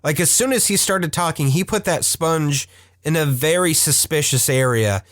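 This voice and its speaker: Another co-host of the cartoon podcast, this man has a fairly high, fairly bright voice and talks at normal speed. He's chatty and laughs a lot while going over episodes, captured in a dry, studio-quality recording.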